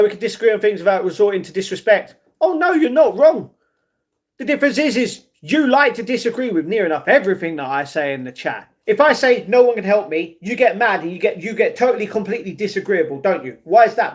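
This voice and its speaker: Young man, livestreamer, casual chat, slightly high voice. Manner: chatty, says "you know what I mean" often. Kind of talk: casual live-stream chat.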